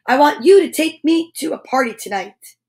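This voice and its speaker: A woman reads a sly male goblin from a children's storybook, coaxing and crafty. His voice sits high, a touch above her narrating voice. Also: lively intonation, normal speed, darkish tone.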